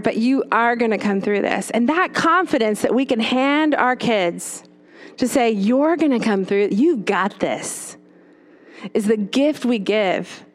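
A woman, a former children's pastor, giving a storytelling talk to parents, often checking in with "right?". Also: a little high. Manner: storytelling with tag questions.

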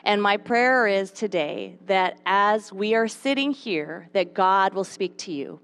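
A young adult woman teaching a devotional Bible lesson to mothers, expressive, with playful asides. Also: mid-range voice, takes it slowly, gravelly. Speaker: speaker at a mothers' Bible study.

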